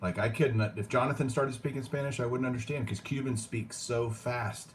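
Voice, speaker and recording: A man hosting a collecting show, relaxed and jokey, poking fun at himself. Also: medium pitch, normal speed, slight background noise. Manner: relaxed, jokey, self-deprecating. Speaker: host. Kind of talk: casual chat.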